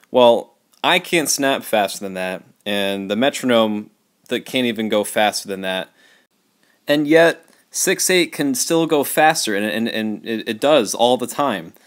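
Man explaining rhythm counting patiently. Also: mid-range voice. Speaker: music teacher. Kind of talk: casual online music lesson.

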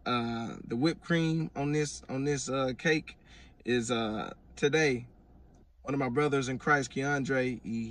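A man's voice: mid-range voice, far from the mic. A man giving a casual, earnest personal testimony, rambling with frequent restarts. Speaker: vlogger giving religious testimony.

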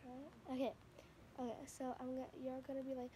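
A woman's voice: high-pitched, little pitch movement, brisk, dark tone, a little hiss or hum. A woman vlogging a casual reaction, talking in a rambling, chatty, gushing way while filming on her phone at home by the TV. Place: at home in front of a TV. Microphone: phone camera.

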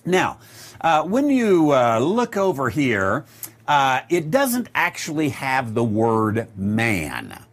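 A male Bible teacher works through scripture verse by verse at an unhurried pace. His voice moves up and down a lot, and he stops often to reach for the next word. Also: medium pitch, huge pitch swings, a little hiss or hum. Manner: unhurried, with many filler pauses; reads scripture aloud and explains it.

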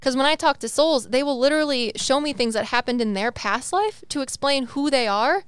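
A young woman talks through a casual podcast, rambling and animated, dropping swears and acting out little quoted voices. Her voice sits fairly high and comes through smooth and clear. The sound is close and dry. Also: brisk, dry recording. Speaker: podcast co-host and psychic medium.

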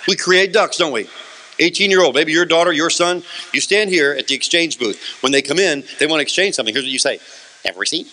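A man speaking to a live room in a motivational seminar, his voice bright and sitting a little high. He keeps the crowd in it by firing off questions and answering them himself, with a lively, punchy delivery. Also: quick pace.

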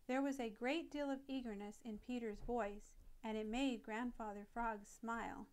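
A woman narrating a classic children's nature story in a gentle, expressive read-aloud manner. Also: fairly high pitch, unhurried, hardly any pauses.

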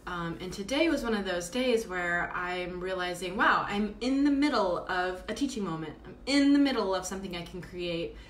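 An exhausted woman, a podcast host doing a live stream from indoors at home, rambles along with plenty of fillers in a casual monologue. Her lowish voice has lively intonation and a moderate pace with hardly any pauses. The recording has roomy echo, faint ambience and slight background noise.

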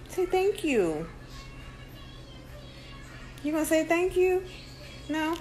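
Playful sing-song mom, high and lively. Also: female voice, a little slow, long pauses. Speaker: mother livestreaming with her babies. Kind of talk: casual baby talk on a live stream. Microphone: phone live stream.

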